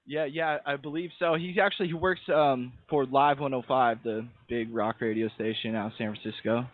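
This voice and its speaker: A man's voice: mid-range voice, fairly even intonation, dry recording. A young man in his twenties hosting a radio show, chatting in a laid-back, slangy way. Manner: laid-back, slangy, quick to laugh along. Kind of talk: casual interview. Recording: thin phone-like sound.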